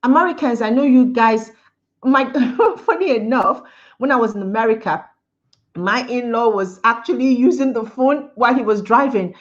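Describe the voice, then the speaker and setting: A woman's voice: a little high, normal speed, highs cut off. A woman hosting a casual livestream, giving an emphatic opinion, repeating her points and talking to viewers. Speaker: livestream host. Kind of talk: casual live-stream commentary.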